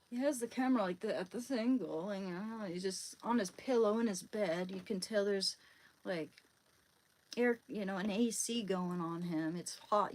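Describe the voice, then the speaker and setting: A woman's voice: mid-range voice, rough recording. A woman live streaming, chatting casually with viewers in a rambling, hesitant way, often searching for words.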